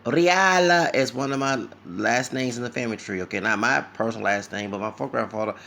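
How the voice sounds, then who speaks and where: A tired man from Louisiana with a Louisiana accent, talking fast and rambling in an opinionated livestream monologue. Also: mid-range voice, gravelly, sharp tone, a little hiss or hum. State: tired, sleepy. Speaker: vlogger.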